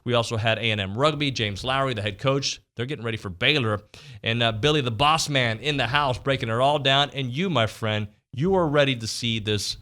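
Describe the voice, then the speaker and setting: A man's voice: mid-range voice, pushed and bright. Upbeat, jokey male sports radio host. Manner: jokey, upbeat, quick to tease. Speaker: sports talk show host. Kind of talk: casual sports radio banter. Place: radio studio.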